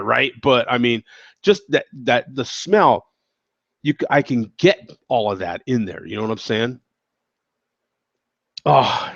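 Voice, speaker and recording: A laid-back man chats his way through a beer review, rambling and easygoing, with a slightly stuffy, congested voice. His voice sits at an ordinary middle pitch. The recording is dry and a little dull and lo-fi. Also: dry recording. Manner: laid-back, rambling, peppered with "you know what I'm saying". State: slightly congested from a summer cold. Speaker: host of a live beer-tasting show. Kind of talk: casual beer review chat.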